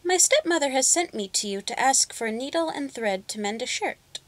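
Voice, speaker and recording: A woman voicing a timid, polite young peasant girl, speaking in a high, eager voice in a storybook reading. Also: lively intonation, normal speed.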